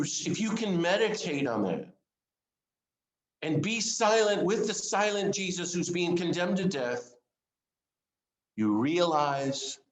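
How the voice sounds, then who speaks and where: A man's voice: on the high side, echoey room, rough recording. A man giving an informal sermon to a small group, earnest and conversational, putting direct questions to his listeners. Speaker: speaker of a Lenten series.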